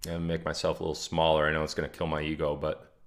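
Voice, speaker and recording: A man's voice: rumbling low, completely flat delivery, racing. A man hosting a casual livestream, talking to his chat in a chatty, mocking way and reading viewer comments aloud. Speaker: livestream host.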